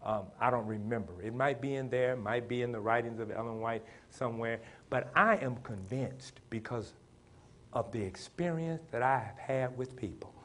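Fiery preacher man with climbing shouts. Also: mid-range voice, moderate pace. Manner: preaching with rising shouted emphasis and call-and-response; plain-spoken, folksy speech. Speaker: pastor. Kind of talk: sermon.

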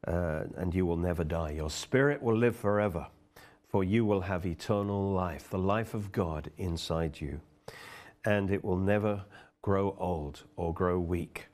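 A middle-aged man preaches with fervor, his voice sitting on the low side. He reads scripture aloud and then explains it. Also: darkish tone. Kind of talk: sermon.

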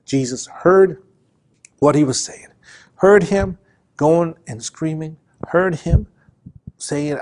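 Male pastor, fairly high-pitched, fervent sermon delivery with repeated phrases and swinging emphasis. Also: takes it slowly, long pauses, a little mellow. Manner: impassioned, repetitive preaching with rising and falling emphasis.

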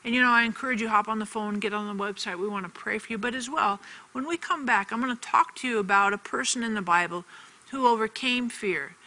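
Bright-voiced woman teaching on faith. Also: on the high side, quick pace, slight background noise, rough recording. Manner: earnest, repeats phrases for emphasis. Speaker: TV ministry teacher. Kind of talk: televised faith teaching with a personal story.

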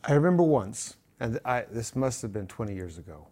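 A man's voice: mid-range voice, big pitch swings, brisk, mellow. A man co-hosting a Bible discussion, chatting and recalling past events. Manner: conversational, recalling memories. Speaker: co-host.

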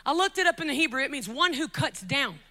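High bright animated woman preaching. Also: fast. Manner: animated, joking asides, shouting climaxes, drops to soft intimate tones. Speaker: guest preacher. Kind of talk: lively sermon. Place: church sanctuary at a pulpit.

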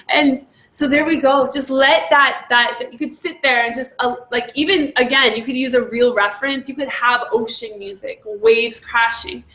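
A woman leading a devotional meditation, often exclaiming in awe and laughing softly. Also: high voice, normal speed, hardly any pauses, echoey room. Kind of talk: devotional teaching.

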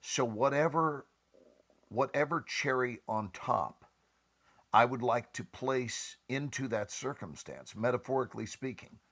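A man, an actor and guest, speaking in a measured, deliberate way on a panel talk, with expressive shifts in inflection. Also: medium pitch.

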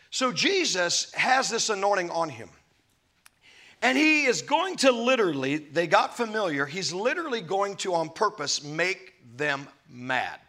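High bright-voiced guy preaching, super animated, goes loud then soft, chuckles in between. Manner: dramatic preaching, swings loud and soft, voices Jesus in quotes; laughs between points. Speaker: pastor. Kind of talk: sermon.

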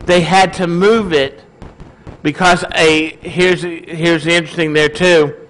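A man with a high-pitched voice delivers a sermon to his congregation. He talks in an easy, conversational way and keeps checking in with the room by asking questions. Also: steady tone, a little slow, a bit bright, poor audio. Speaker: pastor.

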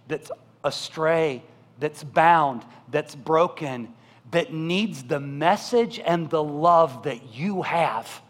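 A male pastor with a high voice delivers a sermon in a church sanctuary, his words trailing off into long hall reverb. He swings between loud, emphatic build-ups and soft, slow pleas, often asking the congregation questions. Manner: talks directly to the congregation with questions.

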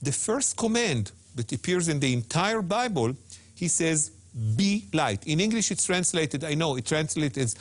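A man with a slightly high voice, his pitch swinging widely as he talks. He is an emphatic guest teacher on a religious talk show who repeats phrases and draws Hebrew words out slowly. His delivery moves from quick bursts to careful, drawn-out stresses. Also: animated.

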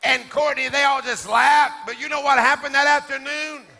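Shouting high-voiced preacher. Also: male voice, little pitch movement, moderate pace, creaky. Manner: shouting, sing-song preaching with call and response. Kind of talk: sermon. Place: church sanctuary. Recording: echoey church hall with music. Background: music.

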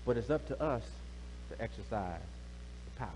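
Lively preaching man in an echoey hall. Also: mid-range voice, moderate pace. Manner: lively, call-and-response preaching with slang. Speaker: pastor. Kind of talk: sermon. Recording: echoey hall, faint hum.

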